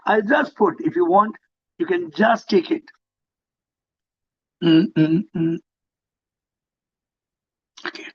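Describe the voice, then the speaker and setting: Man, Indian accent, fifties, high-pitched voice, dull video call sound, animated and repetitive. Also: takes it slowly, pauses often, a little hiss or hum. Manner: animated, repeats himself, acts out parents and children. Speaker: parenting speaker. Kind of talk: motivational talk on a video call.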